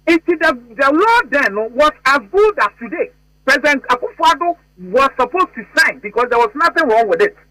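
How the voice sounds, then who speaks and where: A man's voice: very high voice, pushed and bright, rough recording. A Ghanaian man, a politician, talking emphatically in a phone-in radio interview. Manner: emphatic, mixes Twi and English.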